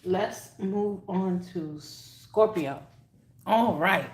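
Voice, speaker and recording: Slow-talking woman tarot reader, choked up. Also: mid-range voice, slight background noise. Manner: slow, chatty, often clears her throat. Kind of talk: live-stream tarot reading.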